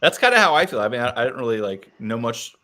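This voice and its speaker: A man's voice: medium pitch, sing-song, fast, a loud crowd. A man hosting a casual livestream book chat, laid-back and self-deprecating, laughing often. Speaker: podcast host.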